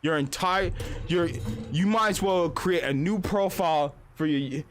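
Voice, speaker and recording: A man's voice: fairly high pitch, unhurried. A young adult man streamer in a casual live-stream rant, profane and rambling, often slipping into quoted voices.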